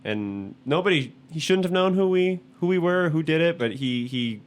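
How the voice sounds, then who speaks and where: A man's voice: on the high side, animated, moderate pace, clean tone. Young man telling a rambling story. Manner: rambling storytelling with frequent restarts and laughs. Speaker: podcast co-host. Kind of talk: casual chat. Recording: faint background noise.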